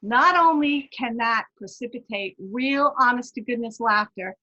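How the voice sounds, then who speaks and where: Bright, husky woman leading laughter yoga. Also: fairly high pitch, measured pace. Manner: encouraging, chatty, bursts into loud chanted laugh sounds. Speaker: wellness presenter. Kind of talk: guided laughter yoga lesson. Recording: dull lo-fi online talk audio.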